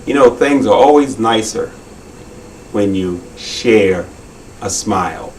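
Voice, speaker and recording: A man's voice: fairly low pitch, far from the mic, a little hiss or hum, rough recording. A man hosting a children's magic show, talking viewers through his tricks in a friendly, instructive way.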